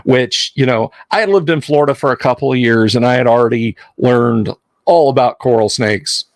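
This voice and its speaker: A man's voice: medium pitch, moderate pace, no room sound. Chatty male livestream host. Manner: chatty, rambling, jokey, answers chat. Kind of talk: casual livestream chat.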